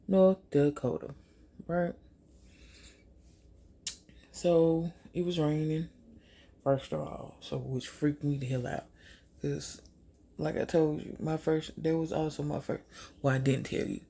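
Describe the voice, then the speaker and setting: A woman's voice: deep voice, slightly rough. A young woman vlogger, chatting casually through a storytime while doing her makeup and acting out what people said. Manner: chatty, animated retelling with quoted asides.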